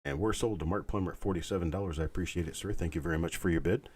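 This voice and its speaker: Male auction host, deep voice, slightly husky, calm and soothing bid calls. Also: rapid-fire. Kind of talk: live online auction calling.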